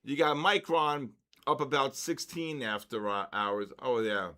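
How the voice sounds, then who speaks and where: A man's voice: medium pitch, fairly even intonation, a little slow, bright, forceful tone. An older man hosting a live trading session, chatting casually and greeting viewers by name in upbeat bursts. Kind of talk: casual live-stream chat.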